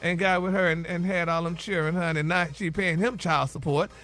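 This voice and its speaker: A man with a high, bright-sitting voice dishes celebrity gossip on morning radio. He is sassy and dramatic, sprinkling honey and baby through every sentence. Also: steady tone, fairly quick. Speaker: radio co-host, gossip segment.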